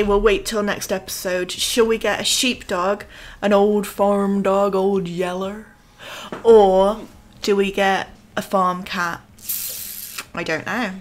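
A woman's voice: mid-range voice, a little hiss or hum. A woman giving casual, chatty let's-play commentary on a life-sim game and teasing her characters. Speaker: gaming YouTuber. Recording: soft background music.

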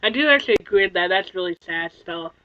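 A tired woman streamer in casual chat, soft-spoken and apologetic, yawning now and then. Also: medium pitch, expressive, fast talker, muffled recording, slight background noise.

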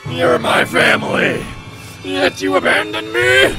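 A man doing a breathy ghostly mother. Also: slow, over music, lightly acted. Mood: accusing. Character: ghostly mother, wounded and accusing.

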